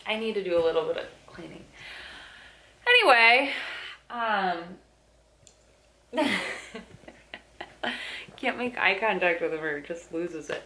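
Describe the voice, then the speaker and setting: A woman's voice: mid-range voice, big pitch swings, slow pace, pauses often, pushed and bright. Chatty woman vlogging in an echoey room. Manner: chatty and candid, loose with fillers. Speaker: daily vlogger. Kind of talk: casual vlog chat. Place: at home, sorting a dresser. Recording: echoey room with faint noise.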